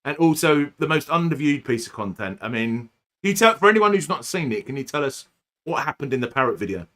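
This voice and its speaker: A man hosts a relaxed podcast conversation, chatty and teasing, often breaking into laughter. His voice sits a touch high with a bright, forward tone. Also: brisk. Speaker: podcast host. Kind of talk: casual podcast chat.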